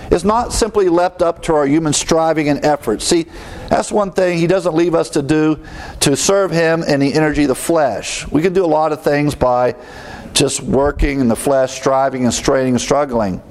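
A man's voice: a little high, normal speed, a little mellow. A man preaching an expository sermon in a church, earnest and emphatic, rising on his key words. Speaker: pastor.

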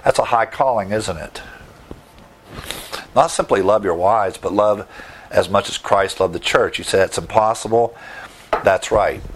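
Guy pastor preaching, bit low voice, explains greek words, keeps asking isn't that great. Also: moderate pace, slight background noise. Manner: teaching verse by verse, emphatic asides. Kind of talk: sermon.

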